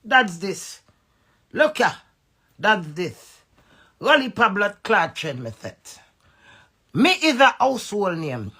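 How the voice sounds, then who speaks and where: A Jamaican woman in an angry, profane social media rant, veering between loud outbursts and low muttering. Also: big pitch swings, takes it slowly, long pauses, husky. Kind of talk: ranting social media live video.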